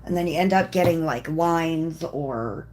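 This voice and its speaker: A woman with a low voice talks slowly and casually during a livestream, rambling between thoughts and clearing her throat as she colors at her desk. A faint background noise sits under the recording. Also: a little mellow.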